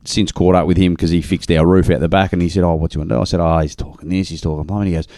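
A man's voice: deep voice, fairly even intonation, dark tone, no echo. A middle-aged Australian man co-hosting a casual radio chat, trading jokes and retelling conversations. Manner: joking, quick with wisecracks. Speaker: radio show co-host. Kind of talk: casual banter.

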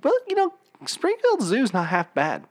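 A man hosting a podcast in casual chat, telling stories in a rambling, animated way with many restarts. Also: sits high, normal speed. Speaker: podcast host.

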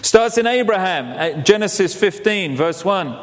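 A man preaching a sermon, telling it as an animated story and acting out the quotes. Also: high-pitched, normal speed. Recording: long hall reverb.

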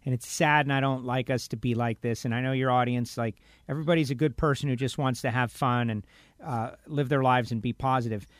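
A man's voice: mid-range voice, steady tone, a little fast, no echo, clean studio sound. A man on a talk radio show giving an impassioned, rambling opinion while emotionally upset. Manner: emphatic, rambling, acts out other people's lines. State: emotional, upset by bad news.

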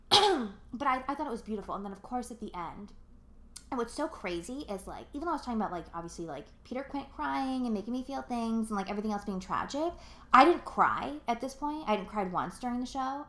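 A woman's voice: medium pitch, a bit bright. Rambling young woman in a roomy space. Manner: rambling, filler-heavy, profane and emotional. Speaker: podcast co-host. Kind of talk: casual chat. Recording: roomy echo.

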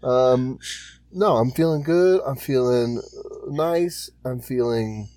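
A young man co-hosting a late-night podcast, making dry deadpan jokes, sounding a little tired. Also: mid-range voice, takes it slowly. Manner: dry, joking, deadpan quips. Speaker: podcast co-host. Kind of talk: casual podcast chat.

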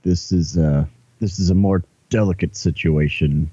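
Player: deep, dark-toned man, husky, dull dry recording. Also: normal speed, no echo. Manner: earnest, persuasive, with some hesitation. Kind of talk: in-character tabletop role-play.

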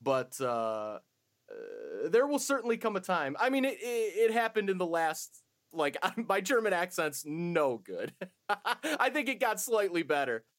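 A man's voice: high-pitched, wildly swooping pitch, measured pace, fairly bright tone. Chatty guy co-hosting a podcast, voice goes up and down a lot, laughs a bunch. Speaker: podcast co-host. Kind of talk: casual podcast chat.

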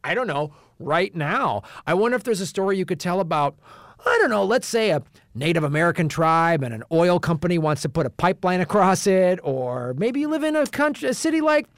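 A man co-hosting a comedy film podcast. His voice sits a little high for a man, and he talks in sarcastic, riffing rants. The sound is dry and close, with no room in it. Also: very animated, a little fast, dry recording. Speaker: podcast co-host. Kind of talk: casual comedy chat.

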